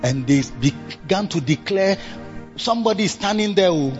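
A man preaching a sermon. He repeats himself and swings between low murmurs and loud bursts of emphasis. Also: animated, moderate pace, lo-fi sound, over music.

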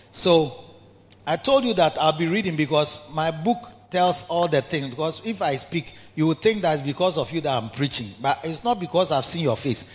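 Ghanaian pastor preaching hard, kinda high voice, long church echo, muffled lo-fi sound. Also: male voice. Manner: emphatic, call-and-response preaching. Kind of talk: sermon. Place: large cathedral. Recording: reverberant hall, dull lo-fi sound.

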